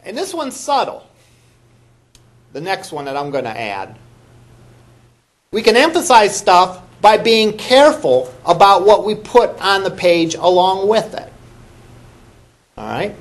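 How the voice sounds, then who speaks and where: A man teaching a college class, his fairly high voice rising and falling a lot as he talks. He keeps it conversational, tossing questions out to the room and echoing back the answers he hears. The lecture is recorded in a classroom. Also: sing-song, a little slow, long pauses. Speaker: college instructor.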